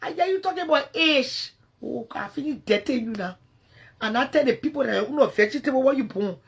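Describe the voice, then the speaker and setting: A high-voiced woman with a Liberian English accent, ranting into her phone on a livestream. She is confrontational and swears freely. Her voice drops to low mutters, then bursts out loud again. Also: animated, fairly quick, gravelly. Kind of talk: angry livestream rant.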